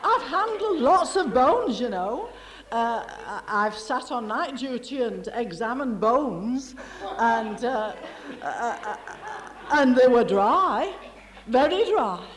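A woman telling a religious testimony as a story, slow and often laughing. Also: fairly high pitch, big pitch swings. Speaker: churchgoer giving testimony.

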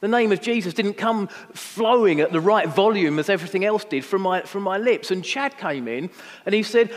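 A man's voice: high-pitched, expressive, quick pace. A young adult man, preaching a sermon in a chatty, self-deprecating storytelling manner with many fillers. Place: church hall. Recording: long hall reverb.

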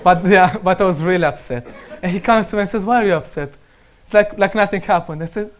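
Romanian-accented man, high voice, laughing often. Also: quick pace. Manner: laughs often while telling anecdotes. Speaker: speaker sharing stories. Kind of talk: casual storytelling.

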